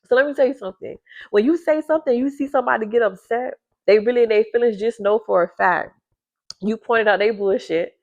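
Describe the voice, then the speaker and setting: Speaking briskly to the camera, this vlogger reads something aloud for her viewers, starting out hushed since a baby is asleep close by. Her pitch leaps high as she gets excited, and she repeats phrases for emphasis, all captured in slightly dull lo-fi sound.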